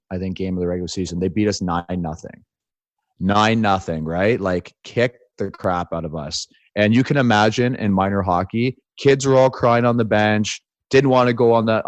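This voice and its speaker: A man's voice: lowish voice, no echo. Bantering male podcast co-host. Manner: bantering, storytelling with many "like"s and "right?"s. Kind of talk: casual chat.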